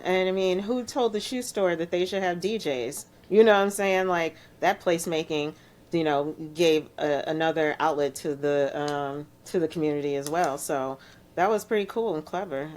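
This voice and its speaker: A middle-aged woman from Chicago, a DJ guest telling her story in a soft-spoken, reflective way with frequent laughs. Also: sits low, normal speed. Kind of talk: relaxed storytelling interview.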